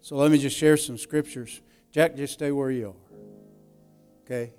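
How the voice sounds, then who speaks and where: A man pastor giving slow affirming responses, then moving on to scripture in his sermon. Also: mid-range voice, steady tone, darkish tone, clean tone, soft background music.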